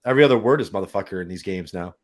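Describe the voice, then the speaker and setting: A man chatting casually, animated and swearing often, acting out other people's voices. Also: low voice, racing, highs cut off. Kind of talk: casual chat.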